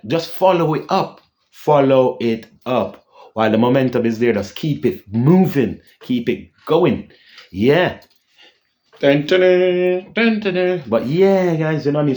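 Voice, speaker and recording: A man's voice: on the low side, darkish tone. A man hosting a casual vlog rant, rambling and repeating himself, often tagging lines with "yeah?" and humming dramatic sound cues. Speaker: channel host.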